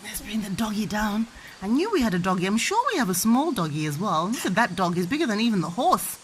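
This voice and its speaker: A woman's voice: medium pitch, sing-song, fast, slight background noise. A young adult woman, a mother playfully teaching her child words with toys, sing-song and making animal sounds. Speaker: parent teaching Shona words.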